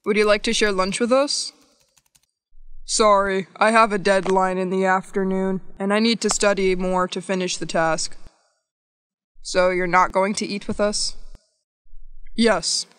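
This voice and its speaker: A woman reading scripted English practice dialogues for learners, slow and evenly paced. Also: medium pitch, steady tone, fairly bright tone, clean tone. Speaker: English lesson narrator.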